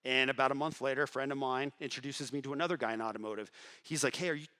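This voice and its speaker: A middle-aged man speaking to a crowd at a networking event, telling his story with energy. He acts out the other voices in his story, drops to a hush and then climbs back up. His pitch sits in an ordinary middle range. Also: fast talker, smooth. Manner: animated storyteller acting out dialogue, swings between hushed and loud. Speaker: entrepreneur giving a motivational talk. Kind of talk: motivational storytelling speech. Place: event hall before an audience.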